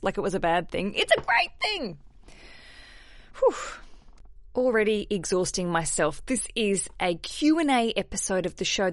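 An Australian woman hosts her podcast on a dry, close mic. She is chatty and self-mocking, swinging between energetic bursts and muttered asides. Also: mid-range voice, dry recording. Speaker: podcast host. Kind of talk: casual solo podcast chat.

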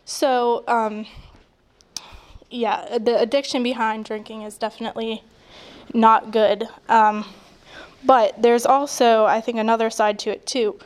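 Woman, casual chat with scripture reading; smooth, flat delivery, measured. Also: fairly high pitch. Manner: measured, reads verses then explains with fillers.

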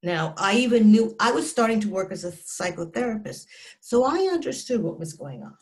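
A woman's voice: mid-range voice, very animated, brisk. A woman in her sixties, a psychotherapist, telling a personal story as an interview guest in an earnest, emphatic way, often restarting and dropping her voice at grim moments.

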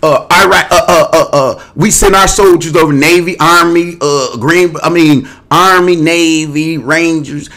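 In a fairly high voice that sounds pushed and bright, a male show host talks to camera a little slowly, with few pauses. His rambling monologue jumps restlessly between topics, in streetwise, casual language with cursing.

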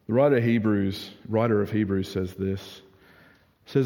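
A young adult man preaching a sermon in a casual, animated way, full of "like" fillers. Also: on the low side, fairly quick. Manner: conversational, animated, frequent "like" fillers. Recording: reverberant hall.

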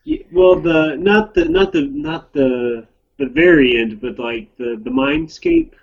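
A man with a gravelly, husky voice and a lively, swinging pitch chats casually on a podcast about a film. His remarks are short, and the sound is dull and lo-fi. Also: a little slow. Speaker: podcast co-host. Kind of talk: casual film review chat.

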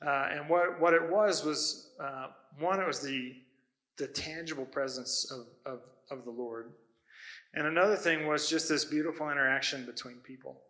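Pastor, male, preaching. Bright, forward tone; conversational, stops and restarts mid-sentence. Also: a little high, moderate pace, rough recording. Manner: conversational storytelling with self-corrections. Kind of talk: sermon.

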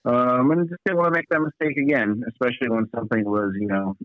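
A man's voice: mid-range voice, fairly even intonation, fast talker, dry recording. A man calling into a podcast as a guest, laid-back and casually swearing, heard over a phone line. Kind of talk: casual chat. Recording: tinny phone-line call.

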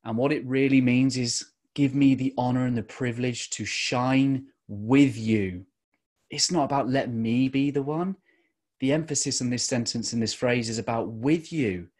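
A middle-aged man giving an earnest motivational talk as a podcast host, slowing down to stress key phrases. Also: mid-range voice, steady tone, a little mellow.

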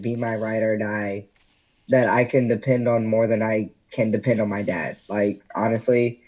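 A man appearing as a podcast guest recounts a personal story candidly in casual interview conversation, using "like" over and over. His voice is medium-pitched with a darkish tone, and the recording is rough.

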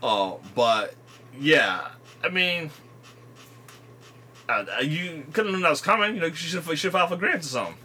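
Bright-voiced man from New York. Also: a little high, animated, normal speed, pauses often, a little hiss or hum. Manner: loose and rambling, with many restarts. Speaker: podcast co-host. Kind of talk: casual chat.

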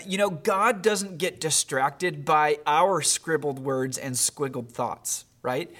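A man's voice: fairly high pitch, a bit bright. Earnest man preaching a sermon. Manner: earnest, with many fillers and restarts. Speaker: pastor. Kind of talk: sermon with a read-aloud story.

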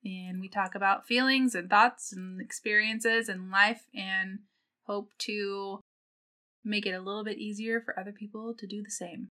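A young adult woman co-hosting a casual podcast, speaking in a measured, candid way. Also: mid-range voice, steady tone, sharp tone. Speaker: podcast co-host, nurse.

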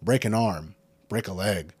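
A man from California delivering a profane, heated rant that keeps building toward shouting. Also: on the low side, measured pace, slightly rough, no echo. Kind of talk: angry unscripted rant.

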